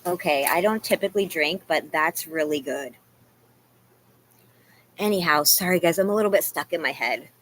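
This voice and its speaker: A woman with a somewhat low voice rambles through a confessional livestream chat, leaning on "you guys" and "like" as she talks to her viewers. Faint room ambience sits behind her. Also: normal speed, long pauses, a little hiss or hum. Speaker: vlogger talking to live chat. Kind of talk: emotional casual livestream chat.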